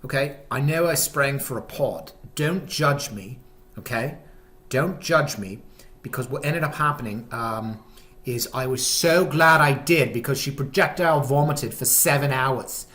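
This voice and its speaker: A Canadian man hamming up a fake British accent, as a vlogger puts it on. He talks at an ordinary mid pitch, stops and starts with plenty of ums, and pokes fun at himself as he goes. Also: unhurried, fairly bright tone, natural voice. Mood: jokey. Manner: hesitant, full of ums and self-mocking asides.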